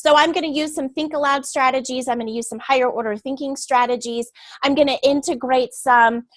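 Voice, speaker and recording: A woman's voice: sits high, steady tone, brisk, no room sound. A woman teacher giving an earnest, explanatory lecture to adult learners before a read-aloud. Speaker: teacher educator.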